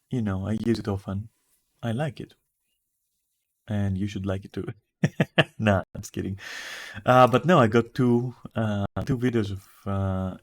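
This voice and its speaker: A man streaming from home with a raspy, just-woken-up voice, rambling casually and swearing now and then. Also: on the low side. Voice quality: raspy morning voice. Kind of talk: casual livestream chat. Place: at home in front of a camera.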